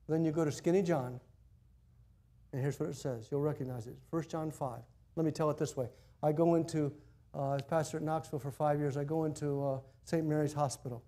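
A male pastor delivers a sermon in church, his voice slightly higher than average and a little fast. He tells stories with animated energy, swinging from loud declarations to hushed asides. His style is conversational yet emphatic.

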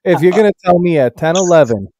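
A man's voice: high voice, lively intonation, fast talker, crowd noise. Ranting, foul-mouthed man on a stream. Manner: profane, ranting, reads chat comments aloud. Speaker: stream co-host. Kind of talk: casual stream chat.

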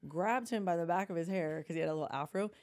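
A woman in her forties, co-hosting a podcast, tells a childhood story in a casual, animated way, laughing often and acting out what people said. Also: fairly low pitch, quick pace. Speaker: podcast co-host.

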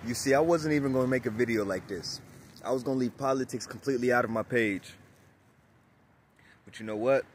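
A man's voice: mid-range voice, a little fast, pauses often, husky. A man vlogger speaking outdoors in an impassioned monologue to the camera, emphatic and preachy, repeating phrases for effect.

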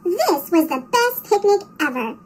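A woman's voice: very animated, a little slow, heavily acted. Woman doing a cheerful cat, chipmunk-sped. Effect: sped-up chipmunk pitch effect. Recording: noisy sped-up recording.

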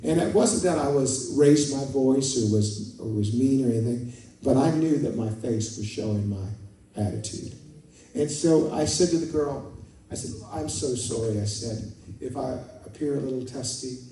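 Pastor in an echoey church. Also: male voice, mid-range voice, expressive, normal speed, mellow. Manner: conversational, storytelling, rising to fervent prayer. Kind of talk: sermon. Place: church sanctuary. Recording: echoey church hall from far off.

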